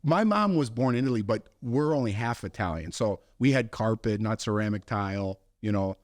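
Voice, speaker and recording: A young man co-hosting a podcast, telling a story with lively acted-out voices and frequent laughs. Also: fairly low pitch, fairly quick, dry recording, clean studio sound. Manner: animated storyteller, acts out voices, laughs often. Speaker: podcast co-host. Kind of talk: casual storytelling chat.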